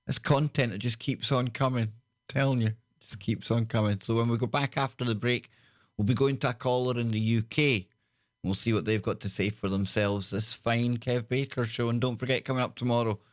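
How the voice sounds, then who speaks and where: A man's voice: mid-range voice, no room sound, clean studio sound. A man with a Scottish accent hosting a live call-in radio show, joking with his listeners and greeting them one by one. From Scotland. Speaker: radio talk show host.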